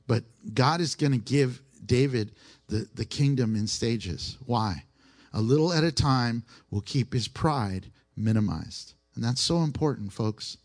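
A man's voice: mid-range voice, measured pace. A man preaching a sermon in a conversational way. He asks the listeners questions and repeats his key phrases.

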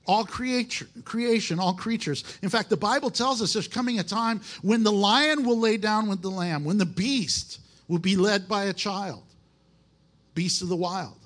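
High-voiced man preaching a folksy sermon. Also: unhurried, a bit bright. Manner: emphatic and folksy, with restarts. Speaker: pastor. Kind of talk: conversational sermon.

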